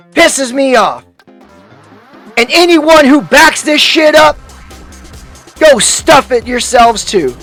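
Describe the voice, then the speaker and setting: A man's voice: extremely high pitch, fairly bright tone, dry recording. A man hosting a YouTube commentary, delivering a heated, profane rant full of restarts and angry outbursts.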